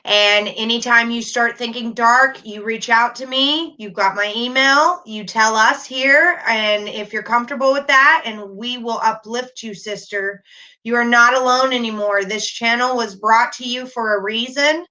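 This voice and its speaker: A middle-aged woman hosting a casual livestream, talking warmly and reassuringly while reading chat comments aloud. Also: a little high, normal speed, few pauses. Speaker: livestream host.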